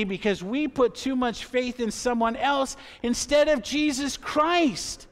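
A man's voice: very high-pitched, fairly even intonation, measured pace, few pauses, clean tone. A man in his fifties preaching a sermon as pastor in a church, earnest and conversational, with asides to the congregation. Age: 50s. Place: church sanctuary.

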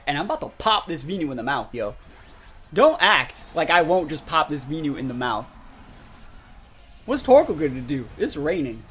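A young man commentating his own gameplay live, talking to his chat with sudden loud outbursts. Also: a little high, animated, a little fast. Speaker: gaming streamer. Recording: faint music behind voice.

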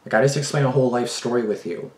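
A man's voice: mid-range voice, rapid-fire, reverberant. A man hosting a reaction video, giving casual commentary with indignant, profane, rambling outbursts.

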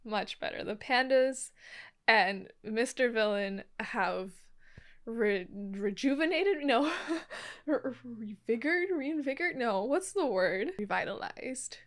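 A woman hosting an anime reaction video, chatting casually and breaking into gasps, laughs and loud exclamations. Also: a little high, takes it slowly. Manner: excitable, gasping, laughing and exclaiming often. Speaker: anime reaction channel host.

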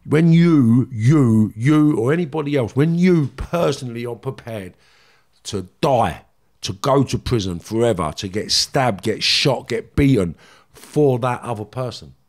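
A man's voice: medium pitch, animated, unhurried, a little mellow. A middle-aged man with a London accent, a former gangster speaking as an interview guest, blunt, emotional and swearing freely as he tells his story.

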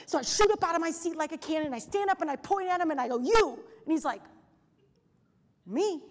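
Energetic keynote speaker lady, high voice, storytelling and acting out quotes, big echoey ballroom. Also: racing. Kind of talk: motivational keynote. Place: large hotel ballroom stage. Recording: reverberant hall.

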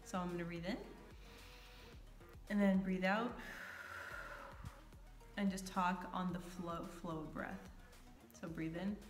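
A woman's voice: on the low side, flat delivery, normal speed, music in the background. A woman vlogger talking casually to camera, stuttering often and repeating sounds and words. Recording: echoey room.

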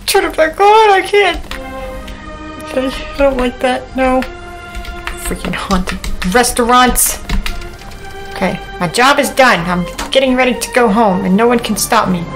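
A woman's voice: fairly high pitch, unhurried, music in the background, poor audio. Jumpy woman narrating a horror game. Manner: jumpy, talks to herself, nervous jokes. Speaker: gaming YouTuber. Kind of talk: horror game let's play commentary.

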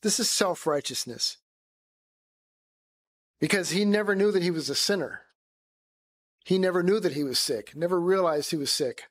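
Male Bible teacher, high voice, conversational sermon style. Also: normal speed, pauses often. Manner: conversational, acts out quoted voices.

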